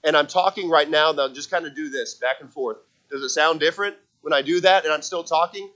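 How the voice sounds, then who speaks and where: A man's voice: fairly high pitch, brisk, bright, forceful tone, dull audio. A man preaching a sermon in a conversational way, often repeating his words and acting out little stories. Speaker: pastor.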